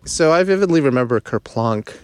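A man co-hosting a casual podcast chat, cracking crude jokes and breaking into loud bits. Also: mid-range voice, animated, a little fast, crowd noise. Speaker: podcast co-host. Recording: loud background noise.

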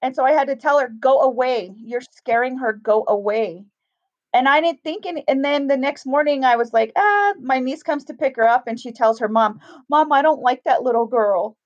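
A middle-aged woman with a high voice, speaking at normal speed, casually tells a ghost story as a guest. She's animated, acting out the voices of the people in it, and the recording sounds dull and lo-fi.

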